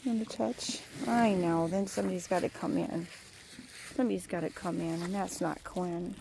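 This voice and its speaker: Woman, rambling sing-song baby talk to a farm animal, gravelly, faint outdoor noise on a phone. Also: lowish voice, steady tone, normal speed. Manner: sing-song baby talk to a cow, drifting into soft musings. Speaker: animal lover talking to a cow. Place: outdoors by a cow pasture.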